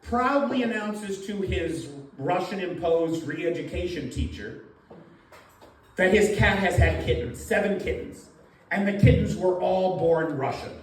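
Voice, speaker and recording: A man doing a standup comedy set, telling jokes deadpan and acting out the voices of the people in them. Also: high-pitched, a little slow. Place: underground comedy club. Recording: very echoey club room, voice from far off.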